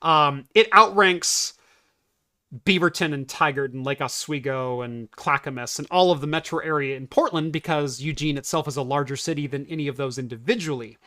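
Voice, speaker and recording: A man's voice: fairly high pitch, normal speed, bright, forceful tone, no room sound, studio quality. A man from Oregon hosting a casual tech and beer podcast, rambling and laughing often. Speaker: podcast host. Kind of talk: casual chat.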